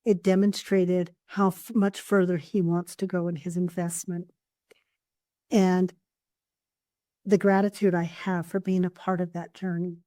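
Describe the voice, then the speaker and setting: Woman coach, low mellow voice, dry close mic, earnest storyteller. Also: little pitch movement, measured pace, no echo. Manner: earnest storytelling, warm anecdotes. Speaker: coach and therapist. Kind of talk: casual podcast chat.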